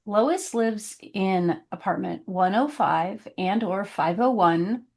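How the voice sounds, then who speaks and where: A woman co-hosting a podcast, making wry, deadpan jokes in casual chat. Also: medium pitch, slow, vocal fry. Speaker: podcast co-host.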